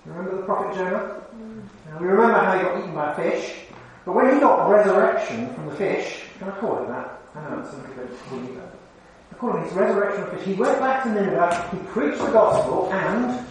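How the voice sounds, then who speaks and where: A man's voice: high-pitched, lively intonation, a little fast, few pauses, a little hiss or hum. A man preaching a sermon in a conversational way, often putting questions to the congregation. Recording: very echoey hall, mic far off.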